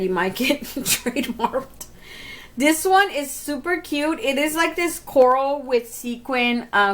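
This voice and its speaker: A woman's voice: fairly high pitch, a bit bright. A woman giving a casual makeup review to camera, chatty, often calling to her viewers and laughing at herself. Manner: chatty, keeps talking to viewers as "you guys". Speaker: beauty vlogger.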